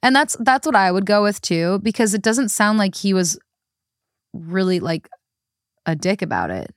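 A woman's voice: medium pitch, sing-song, moderate pace, no room sound, studio quality. A woman guest co-hosting a podcast, chatting in a laid-back, agreeable way. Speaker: guest co-host. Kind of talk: casual chat.

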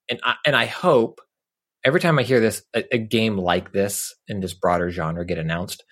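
A man's voice: lowish voice, fairly bright tone. A man co-hosting a gaming podcast, chatting casually in a playful, joking way. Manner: playful, joking, frequent "um" fillers. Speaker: podcast co-host. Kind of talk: casual chat.

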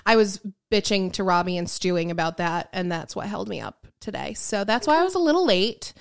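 A woman in her mid-thirties chats casually on a podcast. She pokes fun at herself and swears now and then. Her voice is smooth and clear, and it sits in a middle pitch. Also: expressive, brisk. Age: 30s. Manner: wry, self-deprecating, swears. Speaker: podcast co-host. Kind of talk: casual chat.

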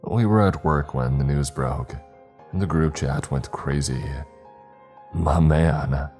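Very deep-voiced male story narrator. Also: expressive, a little slow, darkish tone, soft background music. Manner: wry, casual storytelling. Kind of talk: scripted horror story narration.

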